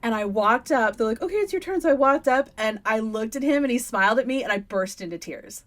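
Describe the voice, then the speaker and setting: A woman co-hosting a podcast, chatting casually and telling animated stories with lots of giggling. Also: a little high, a little fast. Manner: giggly, animated storytelling with acted-out quotes. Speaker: podcast co-host. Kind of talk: casual chat. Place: podcast recording space.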